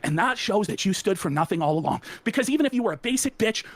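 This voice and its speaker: A man delivering an aggressive, profane rant, taunting and bursting into shouts. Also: sits high, animated, fast, creaky, dry recording.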